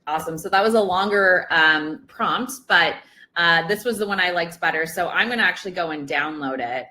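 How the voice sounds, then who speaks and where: A woman's voice: lowish voice, normal speed, bright, forceful tone. A woman presenting a product demo webinar in a casual way, with many ums and uhs.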